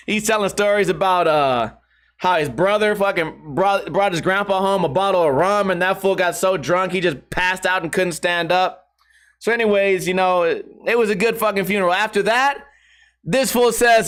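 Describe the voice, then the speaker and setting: A man's voice: sits high, normal speed, a bit bright. A man hosting a podcast, telling a rambling, profane story with frequent laughter. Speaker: podcast host. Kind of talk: casual storytelling monologue.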